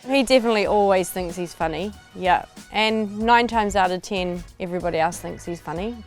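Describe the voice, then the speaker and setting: A woman's voice: mid-range voice, a little fast, soft background music. A woman speaking in an interview, matter-of-fact and fond of her husband. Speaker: interviewee, wife.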